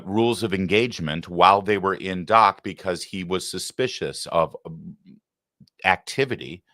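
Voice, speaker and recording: Deep-voiced, sarcastic male talk host. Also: bright, forceful tone, dry recording, clean studio sound. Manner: sarcastic, heated and combative. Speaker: political talk show host. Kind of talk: live political commentary.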